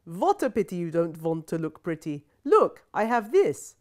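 A woman's voice: fairly low pitch, sing-song, normal speed, darkish tone. A woman reading aloud, voicing an imperious eighty-year-old grandmother who speaks with formal, slightly foreign phrasing. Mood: commanding. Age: 80s.

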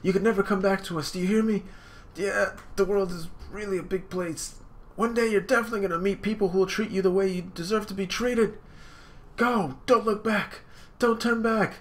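A man putting on a high voice for a stern, commanding older sister while reading comic dialogue aloud. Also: fairly even intonation, a little fast, a bit bright. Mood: stern urging. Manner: high falsetto, bossy.

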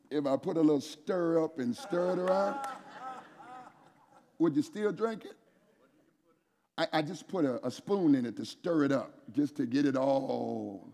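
A male preacher delivers an animated sermon in a large church, prodding the audience to call back and raise hands. His voice sits a little high and has a husky edge. The sound rings with long reverb from the hall. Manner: animated, pushes the crowd to answer and raise hands. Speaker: preacher at a men's conference. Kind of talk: energetic sermon with call-and-response.

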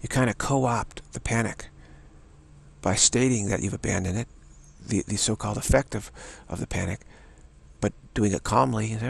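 A man's voice: fairly low pitch, normal speed, vocal fry, husky. A man giving a meandering, informal dharma talk as a spiritual teacher, often repeating phrases like a chant.

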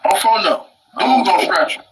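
A man, chiming in loudly and excitably during a casual chat. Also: sits high, normal speed. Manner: loud, excitable interjections. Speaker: guest. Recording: distant and noisy.

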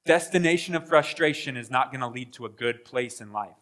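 A man preaching a sermon as pastor, animated, acting out voices and swinging between loud bursts and hushed asides. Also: mid-range voice, fairly quick. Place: church sanctuary.

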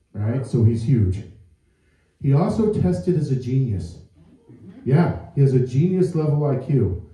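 A man's voice: medium pitch, mellow. A man doing a stand-up comedy set, rambling through his stories in a self-mocking way in front of a live audience. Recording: echoey club from far off.

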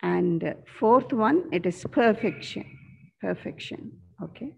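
Slow, gravelly woman teacher. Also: medium pitch, expressive. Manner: slow, repeats answers and spells words aloud. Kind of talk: online class lesson. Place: school corridor. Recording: dull lo-fi sound.

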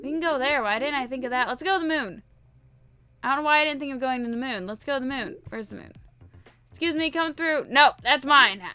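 A woman's voice: high voice, fairly quick, sharp tone. A woman giving casual, playful let's-play commentary, chatting to her viewers and repeating herself often. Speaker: gaming video host.

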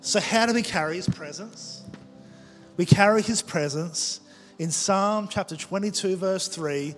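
A man preaching a sermon as pastor, telling stories in a conversational way with quick asides. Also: sits high, a bit bright. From Australia. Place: large church auditorium. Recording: long church hall reverb with faint music.

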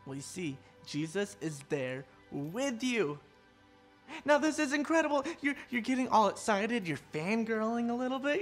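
A woman's voice: fairly high pitch, sing-song, moderate pace, faint music behind. A woman giving an online children's church sermon, telling the story animatedly and talking straight to the kids. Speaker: children's pastor.

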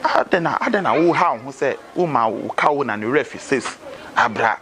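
A Ghanaian-accented man playing a streetwise adviser who persuades a friend, lively and mixing Twi with pidgin English, in a noisy outdoor scene. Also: medium pitch, moderate pace, lightly acted. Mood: persuasive. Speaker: adviser urging a fetish priest.

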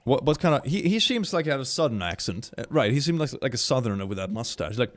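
Goofy young man, bouncy pitch. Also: big pitch swings, quick pace, few pauses, no echo. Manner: playful and goofy, with silly sound effects. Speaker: gaming YouTuber. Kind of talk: let's play commentary.

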